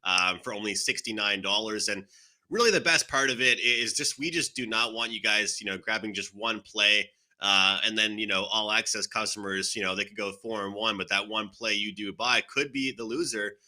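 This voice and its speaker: A man's voice: fairly low pitch, normal speed, bright, forceful tone. A man hosting a sports betting panel, upbeat, turning to each panelist by name. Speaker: show host.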